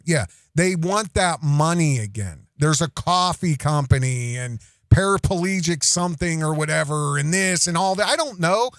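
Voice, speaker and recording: A man's voice: on the high side, expressive, moderate pace, few pauses, no room sound, studio quality. A man hosting a commentary show, ranting in a sarcastic, mocking way with lots of swearing.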